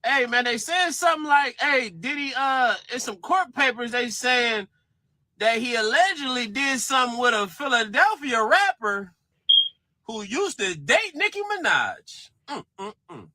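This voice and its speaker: A man with a very high, piercing bright voice rants casually to camera. He teases and addresses his target directly. The sound is close and dry with no room. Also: lively intonation, a little slow, dry recording. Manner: teasing, addresses the subject directly. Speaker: commentator.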